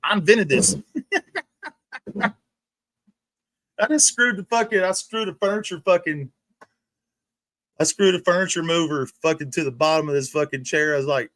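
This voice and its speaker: A man's voice: a little high, measured pace, pauses often, fairly bright tone, no room sound. A man streaming, ranting and mocking someone with profanity and frequent laughter, from a recliner indoors. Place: indoors, sitting in a rolling recliner.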